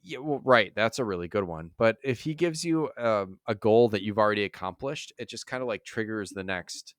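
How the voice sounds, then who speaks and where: A podcast co-host speaks in a fairly low voice at normal speed, rambling casually with plenty of fillers and swearing. The studio-quality recording has no echo.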